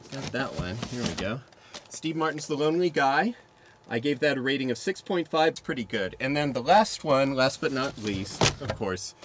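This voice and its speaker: A man hosting a casual public-access TV movie review, rambling and halting with frequent "uh" and "um" as he rates films one by one. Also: medium pitch. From San Francisco Bay Area.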